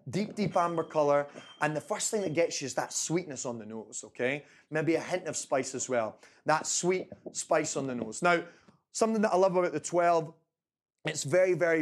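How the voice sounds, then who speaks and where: A Scottish man in his twenties presenting a tasting to a live audience, chatty and repeating phrases for emphasis. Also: fairly high pitch. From Scotland. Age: 20s. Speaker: brand ambassador presenting a tasting. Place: event room with a live audience.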